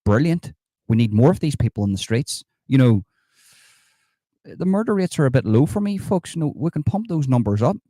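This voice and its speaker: A man's voice: mid-range voice, sing-song, moderate pace, mellow, no room sound, clean studio sound. A man doing a sarcastic impression of a smug, mock-outraged politician, mocking comments in a live stream. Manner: sarcastic, mocking, reads comments and scoffs at them.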